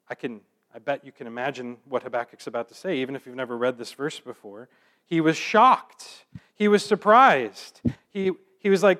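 A man giving a sermon, reading scripture aloud and then explaining it in a relaxed, conversational way. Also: fairly high pitch, moderate pace. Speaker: preacher.

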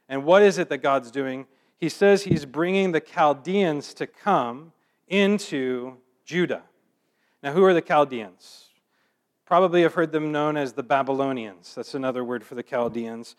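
Man preaching in a conversational sermon. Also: on the high side. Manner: reads scripture slowly, then explains in relaxed conversational asides.

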